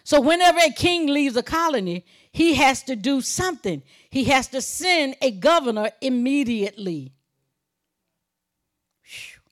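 High-pitched lady preaching, emphatic, goes loud then drops to quiet asides, chatty with the congregation. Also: lively intonation, normal speed, few pauses. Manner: emphatic preaching, swings between loud declarations and low asides; chuckles while preaching, conversational. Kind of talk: sermon.

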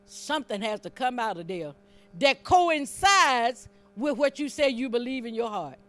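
A woman with a high voice delivers a sermon. She preaches in a fervent, conversational way, teasing the congregation between lines and building up her emphasis as she reads scripture. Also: very animated, moderate pace, no echo.

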